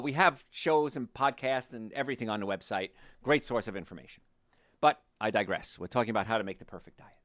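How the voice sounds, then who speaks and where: In studio-quality sound with no echo, a man who is a doctor and health talk show host tells animated stories about his patients in a casual way. When he quotes them, his voice drops lower.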